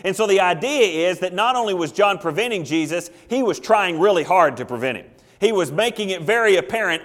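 A man's voice: high-pitched, animated, a little fast, a bit bright. A male pastor preaching an emphatic sermon, asking questions and acting out quotes. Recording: long hall reverb.

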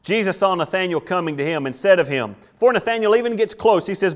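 A male pastor delivers an animated sermon. His voice sits a little higher than most men's. He acts out quotes as he preaches. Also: fast, few pauses.

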